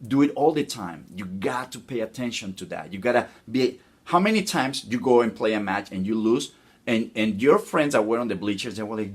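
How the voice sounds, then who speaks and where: A man's voice: mid-range voice, fairly quick, slightly rough. A man gives a tennis coaching talk straight to his viewers, full of energy. He often trips over his words and starts phrases again. He keeps calling the audience guys. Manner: energetic, repeats and restarts phrases.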